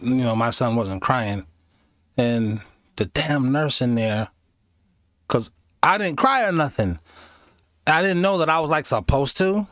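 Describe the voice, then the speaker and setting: A man's voice: mid-range voice, fairly bright tone, dry recording. Man, reaction host, loose rambling delivery, dry close mic. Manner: rambling and candid, laughs often, breaks into mock voices. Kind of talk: casual reaction commentary.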